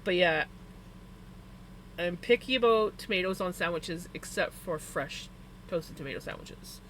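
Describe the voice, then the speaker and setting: Medium in pitch and a bit bright, this unhurried voice is heard with slight background noise. A live streamer talks casually to the audience, telling meandering personal stories full of "like" and stressing preferences emphatically.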